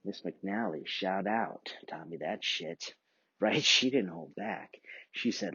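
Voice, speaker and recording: A man's voice: deep voice, takes it slowly, bright, forceful tone, husky, dry recording, lo-fi sound. A man hosting his own podcast, rambling casually and profanely and chuckling often between thoughts. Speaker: podcast host.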